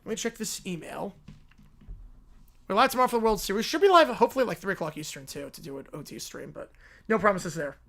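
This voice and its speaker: A man's voice: sits high, quick pace, creaky. A man hosting a sports live stream, chatting casually and reading viewer emails. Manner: relaxed, reads chat and emails aloud.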